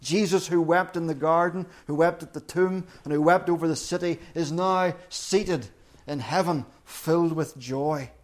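A man preaching a sermon in an earnest, deliberate way, repeating key phrases for emphasis. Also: on the high side. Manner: earnest, emphatic repetition with slow deliberate pauses.

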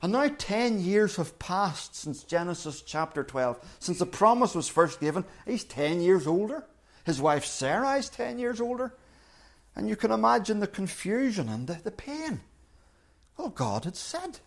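A male preacher with a high voice that climbs and falls in wide, lively sweeps. He speaks earnestly and often drops to a hush or rises sharply as he acts out quoted lines. A light colours his words. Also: measured pace. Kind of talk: sermon.

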